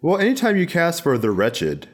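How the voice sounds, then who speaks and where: A man's voice: on the high side, wildly swooping pitch, normal speed. A man on a casual movie podcast, wryly pointing out odd details on screen. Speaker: podcast co-host.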